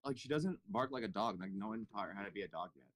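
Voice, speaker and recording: A man's voice: on the low side, expressive, quick pace, fairly bright tone. A man hosting a casual race watch party from home, joking and swearing freely as he reacts to the race. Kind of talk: casual chat over a live race.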